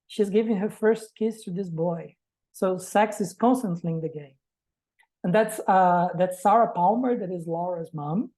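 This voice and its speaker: Low, mellow-voiced woman presenting. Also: low-quality recording. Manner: reflective, poses rhetorical questions. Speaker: reading group presenter. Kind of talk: academic presentation.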